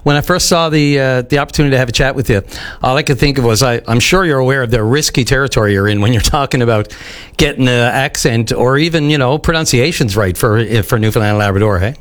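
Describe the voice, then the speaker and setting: A male radio host speaks from a studio in a loose, conversational way. His voice has a middle pitch, and he fills his pauses with easy asides. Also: fairly bright tone. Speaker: radio talk show host. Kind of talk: phone-in radio interview.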